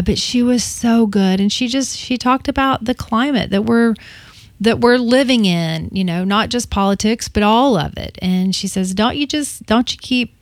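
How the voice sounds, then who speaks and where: A woman's voice: medium pitch, dry recording. A woman co-hosting a morning radio show in a studio, talking eagerly in casual chat with lots of restarts. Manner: eager, chatty, full of restarts and "you know".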